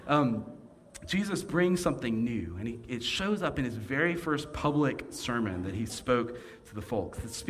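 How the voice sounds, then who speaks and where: A man's voice: mid-range voice, a little hiss or hum. A man preaching a sermon with playful, jokey asides and shifting emphasis.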